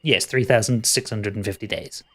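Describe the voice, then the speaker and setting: A man's voice: fairly low pitch, steady tone, moderate pace, natural voice. A man voicing a smug, matter-of-fact male jailer in a tabletop game.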